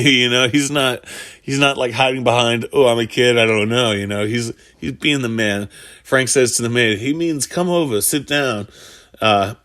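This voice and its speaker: A man's voice: mid-range voice, moderate pace, fairly bright tone, no room sound, clean studio sound. A man casually retelling a film plot, rambling with lots of fillers and restarts. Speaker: storyteller recapping a film. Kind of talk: casual spoken film recap.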